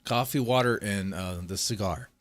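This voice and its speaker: A man's voice: fairly low pitch, normal speed, dry recording, soft background music. A man ranting in heated, profane political commentary, swearing often and reading articles aloud between outbursts.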